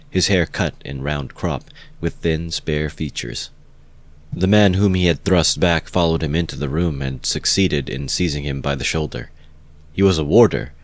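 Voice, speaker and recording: A man calmly narrating an amateur audiobook reading of a classic novel. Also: very deep voice, gravelly, no echo.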